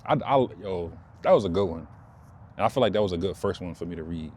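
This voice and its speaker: A man's voice: low voice, fast talker, a little hiss or hum. Laid-back young man rambling outdoors. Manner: rambling, loose, repeats himself, animated when excited. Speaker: vlogger. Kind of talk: casual talk to camera.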